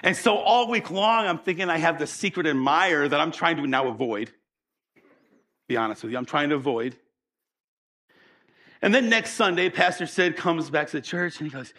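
A man preaching a sermon as pastor, an animated storyteller who acts out the voices in his stories and draws the audience in. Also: fairly high pitch, normal speed, long pauses.

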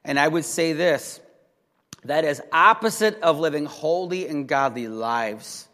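A pastor preaching a sermon with emphatic delivery that rises to loud, urgent exhortation. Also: male voice, a little high, a little slow, in a large hall.

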